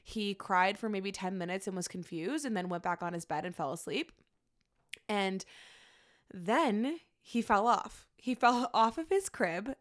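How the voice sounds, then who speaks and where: A young, heavily pregnant woman, a little out of breath, hosts her own podcast solo, chatting casually, rambling and laughing often. Her voice sits at medium pitch and moves a little slowly.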